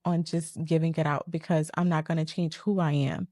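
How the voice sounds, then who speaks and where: A woman's voice: sits low, level tone, normal speed, warm tone, dry recording. A woman guest sharing personal struggles earnestly, speaking words of faith and hope, close to tears.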